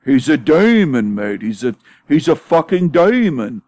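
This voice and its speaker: A man doing an impression of a scornful British man with a British accent, who loudly drawls his insults in a mocking way. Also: on the high side, sing-song, unhurried, dry recording, pitched above the performer's own voice, exaggerated voice. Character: scornful British man calling someone a demon.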